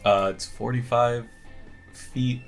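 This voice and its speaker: A man's voice: medium pitch, steady tone, slow pace, loud music behind the voice. A man playing a tabletop game, hesitant and full of fillers as he describes his actions. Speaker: player. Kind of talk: casual tabletop play.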